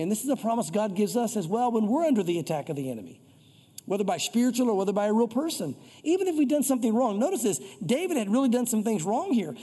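A high-pitched, husky man preaches an informal sermon with a mellow tone. He slips into quoted voices for prayers and scripture. His voice rings out with the long reverb of a hall. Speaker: pastor. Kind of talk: conversational sermon.

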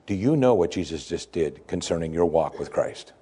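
A man preaching a sermon, explaining scripture with emphasis that rises sharply in pitch. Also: moderate pace, husky. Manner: animated preaching, voice climbing high for emphasis. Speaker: pastor.

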